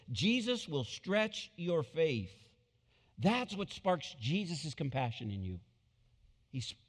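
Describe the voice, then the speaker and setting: A man preaching a sermon, telling the story with animated delivery and repeated phrases. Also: a little high, big-room sound. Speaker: pastor.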